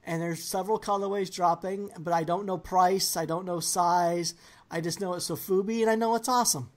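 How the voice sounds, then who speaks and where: A woman's voice: fairly low pitch, a little fast. A woman hosting a podcast in casual chat, laughing and steering the conversation. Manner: animated, laughing, leads the rounds. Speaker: podcast host.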